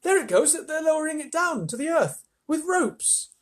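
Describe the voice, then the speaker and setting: A man's voice: very high voice, very animated, normal speed, pitched above the performer's own voice. A man reading a storybook aloud, voicing an eager, curious young boy in a raised voice. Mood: excited. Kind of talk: children's storybook read aloud.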